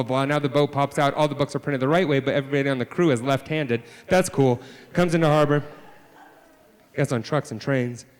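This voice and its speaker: A man, a children's author, telling a story live to a family audience, swinging from hushed deadpan asides to loud exclamations. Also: mid-range voice, smooth, big-room sound. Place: library event space.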